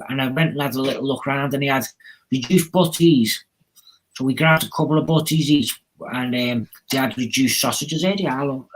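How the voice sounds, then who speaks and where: Scouse stream host, higher register, laid-back and rambling. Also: male voice, fairly bright tone, low-quality recording. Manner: rambling, easygoing, chuckling between points. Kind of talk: casual chat.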